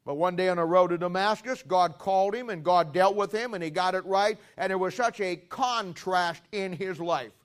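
A man preaching a sermon who questions the congregation and drives his points home with loud, emphatic stresses. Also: high-pitched, moderate pace, hardly any pauses, clear, resonant tone.

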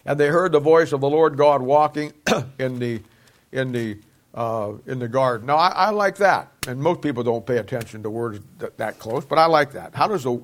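This man gives a Bible lesson in a homespun, chatty preaching manner, posing rhetorical questions to his audience. His voice sits at a medium pitch.

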